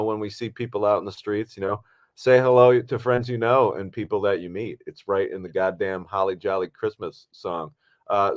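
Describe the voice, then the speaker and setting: A man with a fairly low voice talks through a movie in relaxed, rambling podcast chat. He circles his points with lots of fillers and restarts, easygoing and unhurried. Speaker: podcast co-host and actor. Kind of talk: casual film podcast chat.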